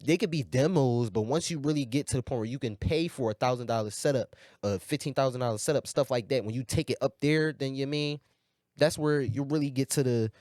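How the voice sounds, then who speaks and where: Philly-musician guest, mid-pitched, slangy and emphatic, dry close sound. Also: male voice, brisk, a little mellow, no room sound. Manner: slangy and emphatic, often asks "you feel me". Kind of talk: casual podcast conversation.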